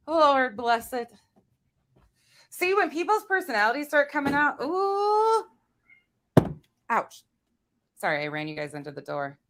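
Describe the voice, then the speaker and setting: Here the woman's voice is high and fairly bright, swinging widely in pitch as she talks at a measured pace with frequent pauses. She runs a laid-back livestream chat, laughing a lot and speaking bluntly and profanely to her viewers.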